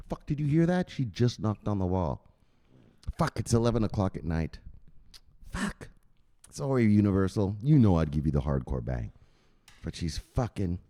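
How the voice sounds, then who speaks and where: A man's voice: fairly low pitch, normal speed, pauses often. A man hosting a crypto channel at home at night, rambling and swearing in casual vlog chat. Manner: profane, rambling, animated.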